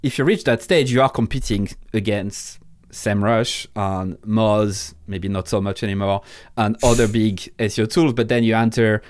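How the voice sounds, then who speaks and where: A man's voice: on the low side, fairly even intonation, moderate pace, hardly any pauses, dry recording. A man with a French accent, a podcast guest in casual interview talk, blunt and swearing freely, often restarting his sentences. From France.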